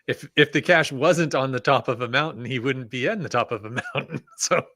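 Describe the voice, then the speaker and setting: A man co-hosting a casual podcast, musing out loud with restarts and little chuckles. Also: medium pitch, brisk, no echo. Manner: rambling, chuckles mid-sentence, restarts. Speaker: podcast co-host.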